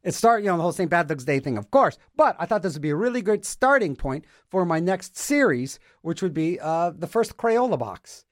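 Lively high-voiced rambling male host. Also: fairly quick, few pauses, no room sound, clean studio sound. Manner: playful, self-mocking, trips over words and repeats them; talks to himself in back-and-forth mock dialogue. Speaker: radio show host. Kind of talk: rambling comic monologue.

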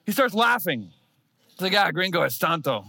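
Pastor, male, 30s, self-mocking storyteller in a church sermon, bright ringing voice, a bit high for a man. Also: very animated, moderate pace, gravelly.

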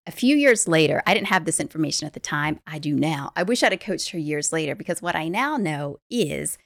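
Woman life coach, podcast guest; animated storyteller with fry, recorded dry and close. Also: sits low, fairly quick, dry recording. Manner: animated storyteller, laughs easily. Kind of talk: podcast conversation.

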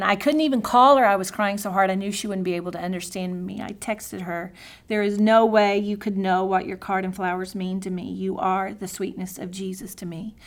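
A middle-aged woman teaching a devotional lesson at a mid pitch, earnest and heartfelt. She often drops to soft, near-whispered tones for prayers and scripture, then lifts again to press her point. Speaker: Bible teacher.

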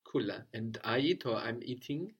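A man with an ordinary mid-range voice leads a spoken language lesson. He prompts, corrects gently and echoes every answer back. His manner stays calm and encouraging. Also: mid-range voice, moderate pace, breathy edge. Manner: patient, repeats and praises answers. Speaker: language teacher.

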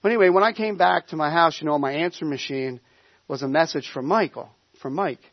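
High-voiced pastor, rambling story. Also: male voice, quick pace, no room sound, dull audio. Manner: conversational storytelling with frequent restarts. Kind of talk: sermon.

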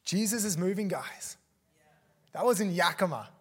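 A man with a high voice preaches to a church congregation. He tells a story with lots of energy, acting out the people in it with gasps and laughter. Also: moderate pace. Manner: animated, acts out quotes with gasps and laughs. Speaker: guest preacher. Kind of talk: sermon storytelling. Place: church service.

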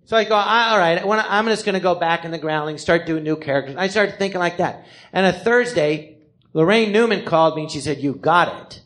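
Comedian man, fairly high voice, storytelling live on stage, animated and profane. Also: moderate pace. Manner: animated, acts out other people's voices in quotes; swears freely, self-deprecating. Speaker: comedian telling his life story. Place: theater stage before a live audience.

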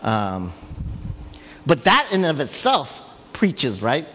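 A man preaching a sermon, retelling a story in a lively, conversational way with frequent asides. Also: medium pitch, slow, breathy edge. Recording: long hall reverb.

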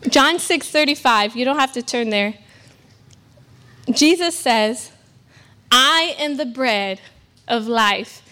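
A woman's voice: a little high, lively intonation, takes it slowly, pauses often, pushed and bright. A young woman from California preaching a sermon at a church service, earnest and emphatic with self-deprecating asides. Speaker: guest preacher.

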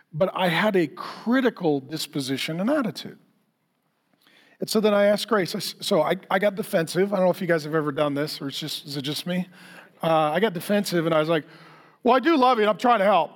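A man's voice: a little high, big-room sound. A middle-aged man preaching a sermon as a pastor, conversational and self-deprecating, often acting out quoted dialogue.

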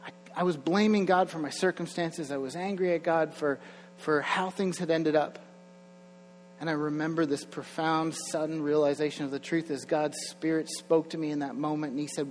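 A man's voice: fairly high pitch, moderate pace. A young man preaching a sermon in a church, conversational, with chuckling asides and rising energy. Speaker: pastor. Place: church sanctuary. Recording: long hall reverb, faint mains hum.

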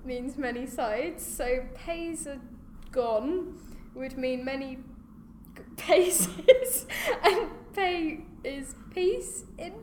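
A woman's voice: high voice, expressive, drawn-out words. A woman guesting on a casual word game, giggly and self-mocking as she rambles through her guesses. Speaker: panel guest. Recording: echoey room with faint noise.

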